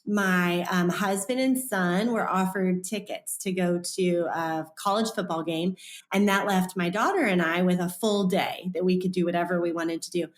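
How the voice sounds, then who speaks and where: A woman in her thirties, an author and podcast guest, telling a personal story in a lively way and acting out the voices of the people in it. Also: lowish voice, normal speed, reverberant. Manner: animated, acts out quoted voices.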